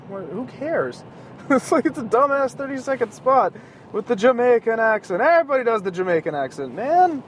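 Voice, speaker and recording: Man in his thirties, slightly high voice, profane rambling podcast host talking in a car, faint traffic noise behind. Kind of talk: casual solo rant. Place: in a car driving home at night. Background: faint passing traffic.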